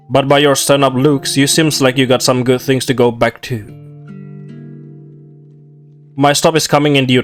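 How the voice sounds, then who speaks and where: An imposing male devil hunched over his drink, as a man puts him on, talking in a low, gravelly drawl. He is rude and mocking. Soft guitar music plays faintly behind him. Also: natural voice.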